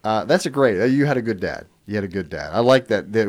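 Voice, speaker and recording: Speaking quickly in a lowish voice, a middle-aged call-in radio host reads listener comments on air. He laughs softly as he goes, telling each story in a relaxed manner with casual fillers.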